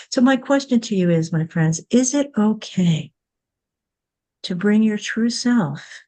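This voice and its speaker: A woman's voice: mid-range voice, expressive, slow, dark tone. A woman hosting a candid podcast, speaking earnestly and reflectively, often restarting and repeating her words. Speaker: podcast host.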